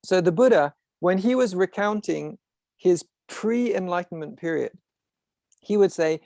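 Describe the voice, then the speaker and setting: A man's voice: sits high, lively intonation, measured pace, creaky, mellow, no echo, studio quality. A man hosting an online discussion group who explains things in a professorial way, with frequent restarts and asides over a video call. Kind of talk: casual explanatory talk.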